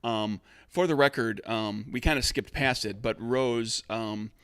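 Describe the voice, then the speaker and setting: A man's voice: medium pitch, measured pace, a bit bright, clear, resonant tone, no room sound. A man narrates a tabletop game as game master. He talks in a loose, rambling way, backtracking and restarting his sentences as he describes the scene. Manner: rambling, many fillers and restarts.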